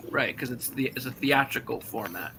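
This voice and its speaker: Bright-voiced man sharing movie trivia. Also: mid-range voice, normal speed, a little hiss or hum, rough recording. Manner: enthusiastic, rattles off movie trivia. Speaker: guest on a birthday stream. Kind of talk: casual chat.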